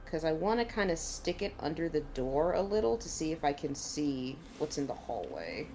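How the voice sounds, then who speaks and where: A woman's voice: low voice, big pitch swings, moderate pace, background noise. A woman player thinking aloud about her character's inventory in a chatty way. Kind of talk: tabletop role-play.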